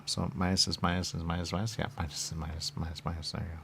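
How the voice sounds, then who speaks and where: Low gravelly man rambling to himself. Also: level tone, racing, noisy background. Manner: repetitive, muttering, questions and answers himself. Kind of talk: rambling stream-of-consciousness monologue.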